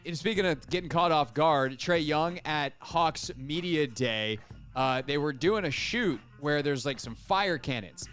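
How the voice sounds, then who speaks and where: A man hosting a sports talk radio show, joking with his producer in a quick, casual way. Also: fairly high pitch, a bit bright, faint music behind.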